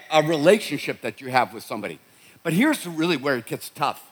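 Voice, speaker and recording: Middle-aged boston guy preaching, fairly high voice, chatty storytelling sermon, keeps restarting lines. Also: a bit bright. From Boston, USA. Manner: conversational storytelling with repeated restarts. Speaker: pastor.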